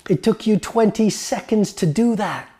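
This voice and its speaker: A man voicing an excited woman fan in an anecdote, gushing with praise. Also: high voice, normal speed, voice pushed up, lightly acted. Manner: eager, gushing. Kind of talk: motivational lecture.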